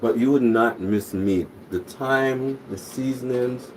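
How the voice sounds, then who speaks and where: A man's voice: medium pitch, takes it slowly, darkish tone, far from the mic, a little hiss or hum, rough recording. A man co-hosting a home cooking channel, laid-back and jokey, chatting between bites at dinner. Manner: laid-back, jokey, talks with food in mouth. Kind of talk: casual chat while eating.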